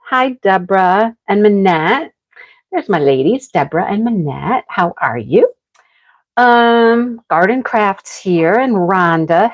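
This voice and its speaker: A woman hosting a live craft stream, chatting casually and greeting viewers by name while she works. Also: on the high side. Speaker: craft livestream host.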